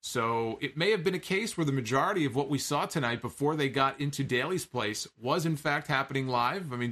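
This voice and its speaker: A man talks through a wrestling show in a loose, conversational recap. His voice sits at an ordinary middle pitch, and he drops wry asides and the odd "uh" as he goes. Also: a bit bright. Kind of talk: casual spoken recap.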